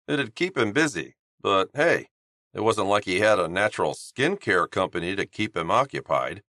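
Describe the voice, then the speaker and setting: Male narrator, audiobook, steady delivery, crisp bright tone, dry close mic. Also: deep voice, no room sound. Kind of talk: scripted narration.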